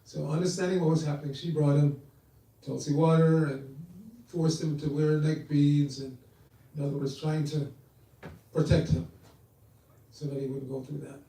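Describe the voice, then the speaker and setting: Brief: male preacher, mellow tone, storytelling sermon, heard from across a reverberant hall. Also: fairly high pitch, fairly even intonation, normal speed, creaky, pauses often. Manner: storytelling, acts out quoted voices. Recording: echoey hall, voice from far off.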